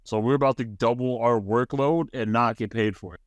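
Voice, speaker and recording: A man with an average-pitched voice chats on a podcast, telling a loose, rambling story and laughing as he goes. The mic is close and the sound dry. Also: brisk, no room sound. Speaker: podcast co-host. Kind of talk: casual storytelling chat.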